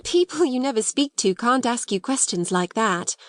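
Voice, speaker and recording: A composed schoolgirl, as a woman narrator voices her, speaks grandly and politely with calm self-possession. The voice is lifted a little above the narrator's own. The sound is close and dry. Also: fairly high pitch, moderate pace, dry recording, pitched above the performer's own voice, natural voice. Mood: earnest. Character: proud, composed young schoolgirl.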